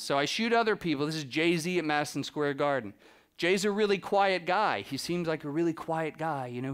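A man giving a live, animated storytelling talk to an audience as a photographer, acting out the people he quotes by dropping his voice. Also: fairly high pitch, clean tone. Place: presentation room with a live audience.

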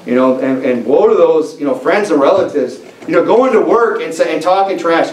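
A man's voice: fairly high pitch, lively intonation, moderate pace, hardly any pauses, a little mellow. A male pastor preaching a sermon in a church, talking in an emphatic, conversational way with frequent restarts. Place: church sanctuary. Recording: echoey church room, mic at a distance, faint hiss.

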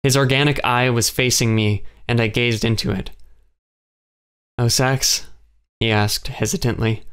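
A man narrating an audiobook in the first person, in a measured, even way. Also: on the low side, clear, resonant tone.

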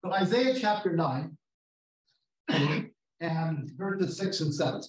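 A man leading an interactive Bible study, reading scripture slowly and putting questions to his class. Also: on the high side, animated, a little mellow. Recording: roomy, distant mic, faint noise.

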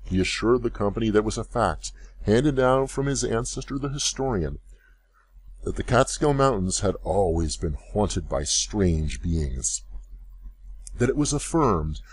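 A man narrates a classic tale at a steady, measured pace. His voice sits low and has a husky, slightly rough texture. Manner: measured storytelling. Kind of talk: scripted audiobook narration.

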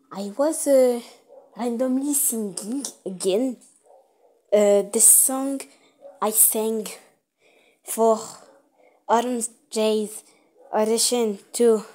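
A woman's voice: on the high side, a little mellow. A woman in casual talk to camera, rambling playfully, speaking in a put-on French accent. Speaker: vlogger.

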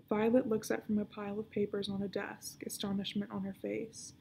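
A woman librarian reading a children's book aloud, narrating in a hushed, often whispered voice. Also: medium pitch, flat delivery, brisk, gravelly, hardly any pauses, slight background noise.

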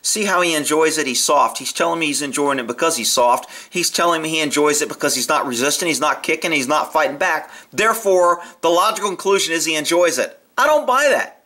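Brief: male video commentator, high and bright, blunt and profane, casual opinionated delivery. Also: expressive, fast talker, hardly any pauses. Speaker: video commentator on horse training.

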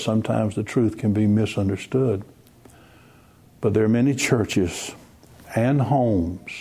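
A man preaching a broadcast sermon, earnest, repeating words and slowing down to stress his points. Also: fairly low pitch, gravelly, dark tone, breathy edge. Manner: earnest, repeats words, slow emphatic phrasing.

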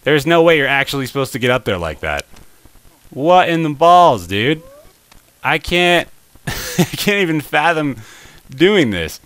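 A young man commenting on his gameplay into a close microphone in a dead, dry space. His voice is bright and smooth, and it swings widely in pitch as he cheers, groans and talks straight to the game. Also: a little slow, long pauses, no echo. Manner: excitable, talks to the game, frustrated exclamations and laughs. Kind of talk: let's play commentary.

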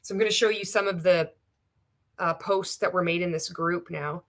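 A woman's voice: fairly low pitch, fairly even intonation, moderate pace. A middle-aged woman giving reaction commentary on social media posts, talking in an exasperated, sardonic way and reading comments aloud. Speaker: anti-MLM commentator.

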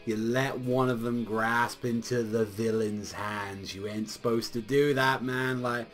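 A young man giving a casual, animated manga chapter review, full of swearing and filler words, with faint music behind him. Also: mid-range voice, measured pace. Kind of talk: casual solo review commentary.

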